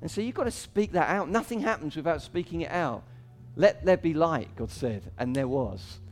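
Man, pastor, sermon, animated delivery, slightly high pitch. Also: brisk, soft background music. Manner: animated preaching, rises for quoted cries, drops low for scripture.

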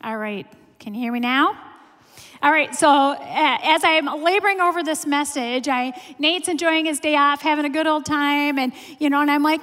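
Woman, 40s, sermon speaker; high-pitched, chatty, self-mocking; long church-hall reverb. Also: moderate pace, fairly bright tone. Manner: chatty, self-deprecating storytelling with many fillers. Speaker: pastor's wife preaching.

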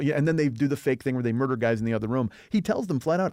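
Man, podcast co-host, rapid animated delivery, dry close sound. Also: on the high side, dry recording. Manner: fast, animated retelling with profanity. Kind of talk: casual film discussion.

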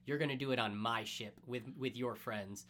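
A man's voice: mid-range voice, moderate pace, pushed and bright, voice pushed down, close to an everyday voice. A man voicing a bold, defiant young pirate captain while retelling a story on a podcast.

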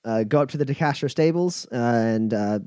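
A man's voice: mid-range voice, warm tone, clear, resonant tone, no echo. Man running a tabletop game, dry. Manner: halting, many fillers. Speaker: game master.

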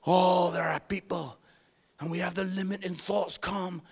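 A man, preaching a sermon with animated storytelling and self-deprecating humor. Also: high voice, unhurried, slightly rough. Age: 50s.

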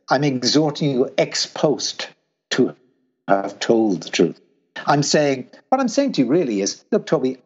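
A man with a husky voice explains ideas in a lively, swooping way, his pitch rising high when he acts out urging someone on. The recording sounds dull and lo-fi. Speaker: guest philosopher. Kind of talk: explanatory conversation.

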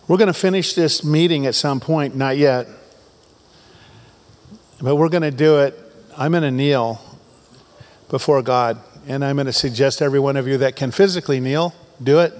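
In a church sanctuary, a pastor preaches to his congregation, reading scripture with growing fervor and slipping in joking asides. His voice is medium in pitch, he speaks at a normal speed, and he pauses often.

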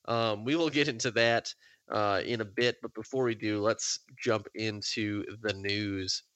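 A man's voice: lowish voice, fairly even intonation, measured pace, fairly bright tone, smooth, no echo. A man hosting a podcast in casual chat, easygoing, laughing often, with plenty of fillers. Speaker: podcast host.

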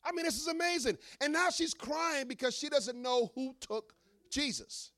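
A man with a very high voice preaches a sermon, animated and full of humorous asides. He is a middle-aged pastor who draws his listeners in with questions and jokes. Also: normal speed.

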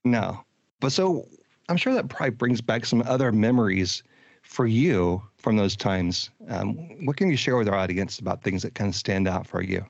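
Man, 50s, podcast host, relaxed, rambling, muffled audio, dry. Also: lowish voice, normal speed, gravelly, no echo. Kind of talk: casual nostalgic chat. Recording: dull dry lo-fi recording.

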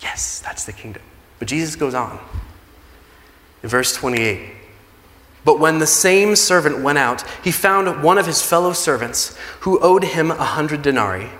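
Male pastor, casual sermon style, somewhat high voice, big echoing church hall. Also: expressive, unhurried, a bit bright. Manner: conversational preaching, acts out quoted pleas. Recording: long reverb of a large hall.

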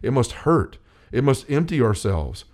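A man's voice: mid-range voice, very animated, measured pace, a little mellow. A man talking earnestly about faith on a talk show, reading quotes and urging listeners, with frequent restarts and fillers. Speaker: co-host of a Catholic talk show.

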